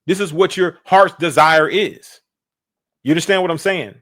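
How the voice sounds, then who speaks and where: A man's voice: a little high, normal speed, a bit bright. A man hosting a live-stream reaction podcast, talking emphatically in a preachy way, repeating phrases and asking his listeners "right?".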